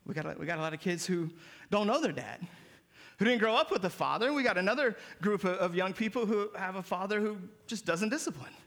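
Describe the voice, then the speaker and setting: A man's voice: high voice, lively intonation, fast talker, creaky, a bit bright. A man preaching a sermon as pastor, explaining Greek words with emphasis.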